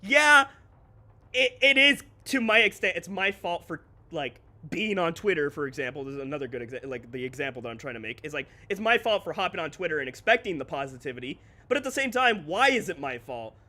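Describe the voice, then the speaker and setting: High, bright-voiced male streamer ranting. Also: expressive. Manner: candid, ranting, swears freely, quick laughs. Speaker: streamer and content creator. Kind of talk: casual livestream chat.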